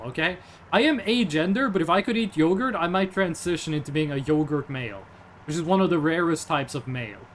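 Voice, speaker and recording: Jokey streamer, high lively voice. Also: male voice, slight background noise. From Norway. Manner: rambling, jokey, reacts to chat. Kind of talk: casual live-stream chat.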